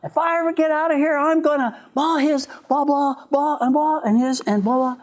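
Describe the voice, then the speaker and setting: A man's voice: extremely high pitch, wildly swooping pitch, moderate pace, a little mellow, big-room sound, pitched above the performer's own voice, heavily acted. A man voicing a furious, troubled male prisoner who rants and then pleads. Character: angry, tearful grown man prisoner.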